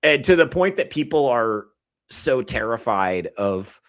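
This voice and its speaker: A man in his thirties, a comedian, ranting casually to his stream chat, profane and rambling, with animated mock quotes. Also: mid-range voice, unhurried. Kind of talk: casual rant to a live chat.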